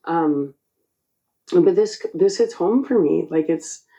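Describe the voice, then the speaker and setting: A woman in her forties hosting her own channel, speaking in an emotional spiritual monologue, choked up and halting. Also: lowish voice, lively intonation, warm tone, low-quality recording. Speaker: channel host.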